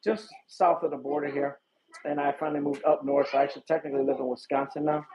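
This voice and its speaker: A man's voice: on the high side, steady tone, fast talker. A man from Illinois, a police detective, chatting casually and laughing easily with viewers on a phone livestream outdoors at night. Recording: dull lo-fi phone stream with background noise.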